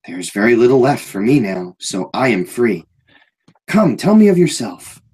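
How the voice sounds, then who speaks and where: A big, odd man bubbling over with childlike excitement and strange devotion, as a game master puts him on. His voice jumps up high and stays a little husky. He sounds like a tabletop role-play figure. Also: moderate pace, low-quality recording. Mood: fervent. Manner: excited, eager, oddly fervent.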